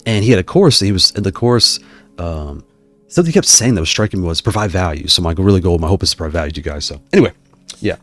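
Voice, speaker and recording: A man's voice: deep voice, animated, quick pace, dry recording, soft background music. A man hosting a live stream, chatting casually with viewers in a rambling way, often stopping himself mid-sentence. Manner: rambling, self-interrupting, digressive. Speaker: YouTube host reading live chat.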